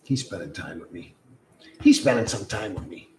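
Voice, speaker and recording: A man streaming live, chatting loosely with lots of swearing and cooing softly to his pet. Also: low voice, expressive, normal speed, echoey room, slight background noise, low-quality recording. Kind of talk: casual live-stream chat.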